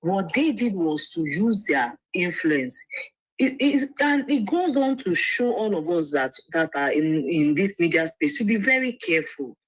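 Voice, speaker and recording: A woman speaks earnestly as a lawyer guest, her voice husky and swinging widely in pitch. She often stumbles and restarts her words, and the sound is close and dry. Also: sing-song, measured pace, dry recording, rough recording. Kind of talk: livestream interview.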